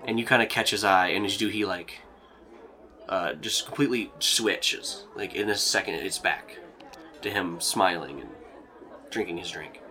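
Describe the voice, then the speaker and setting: A man's voice: deep voice, moderate pace, sharp tone, some chatter behind. A young man running a tabletop game, narrating in a rambling, filler-heavy way and chuckling as he goes, with music playing behind. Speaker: game master.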